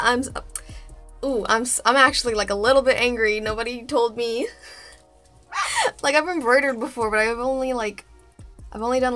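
A woman vlogging casually about a craft project, playful and excitable, joking to the camera. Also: a little high.

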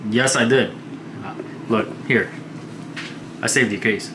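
A man's voice: medium pitch, takes it slowly. A man filming a casual prank vlog at home, whispering conspiratorial asides to the camera and teasing his girlfriend with mock innocence. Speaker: vlog host, prankster boyfriend. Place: home kitchen and living room. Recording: echoey room with background noise.

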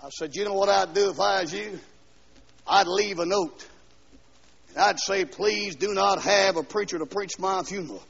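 A man preaching a fiery revival sermon, dropping to quiet asides and then shouting and singing out lines, heard on a dull 1970s LP recording from a church. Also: high-pitched, normal speed, gravelly, breathy edge. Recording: dull 1970s LP recording with long hall echo.

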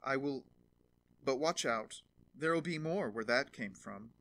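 A man's voice: medium pitch, animated, unhurried, vocal fry, fairly bright tone, a little hiss or hum. A man doing a boastful young journeyman. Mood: commanding. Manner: boastful, commanding.

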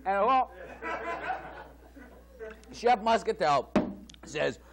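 A man's voice: sits high, animated, very slow, vocal fry, noisy background, exaggerated voice. A man voicing a hammy male TV chef who puts on a phony Italian accent and chats boastfully through a spoof cooking segment. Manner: chatty, boastful, laughing at his own jokes.

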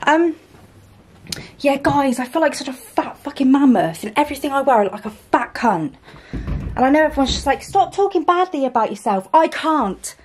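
A woman's voice: high voice, expressive, normal speed, darkish tone. A British woman vlogging casually to camera, blunt, self-mocking and swearing constantly. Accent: British English. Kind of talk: casual vlog chat to camera.

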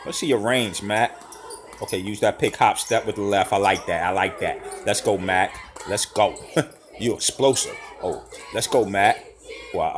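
A man doing casual, slangy live reaction commentary over basketball highlights, hollering and laughing at big plays. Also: a bit bright.

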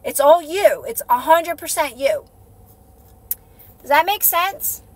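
Woman talking straight into her phone on a live stream, high bright voice, dry close sound, keeps saying right?. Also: animated, slow pace, no room sound. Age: adult with a child. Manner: earnest, repetitive, coaching with frequent "right?". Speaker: manifestation coach. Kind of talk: casual live-stream talk.

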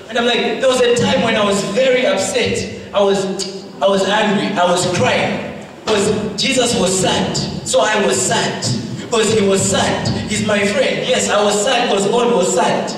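A male preacher giving a fervent sermon, moving from shouted rebukes to hushed storytelling. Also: high voice, steady tone, normal speed, a little hiss or hum. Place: large hall. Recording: echoey hall, mic far off, faint ambience.

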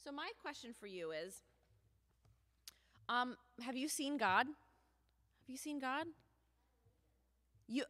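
Animated woman telling a children's sermon. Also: sits high, unhurried, long pauses. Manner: animated, asks the children questions. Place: church sanctuary. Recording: long church reverb.

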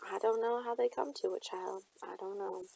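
A woman's voice: mid-range voice, steady tone, normal speed, vocal fry, mellow, slightly rough, dry recording, poor audio. Woman reading as weary, guarded old servant. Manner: folksy nonstandard grammar, terse. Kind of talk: audiobook character reading.

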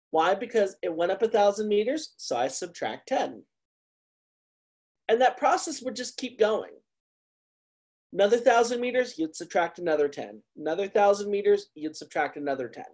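Male college instructor, lively up-and-down delivery, joking, engaging, teaching over a video call. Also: high voice. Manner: lively, playful explainer who asks the class questions. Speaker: university meteorology instructor. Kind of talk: online class lecture.

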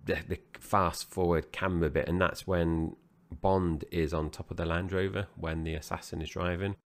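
A man's voice: deep voice, flat delivery, moderate pace. A man co-hosting a film review podcast, chatting casually and rambling with frequent restarts. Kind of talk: casual chat.

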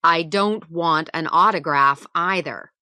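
Woman narrator as a gruff male police chief in a learner storybook; low, firm, slow. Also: sharp tone, no room sound, studio quality, full character voice. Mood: insistent.

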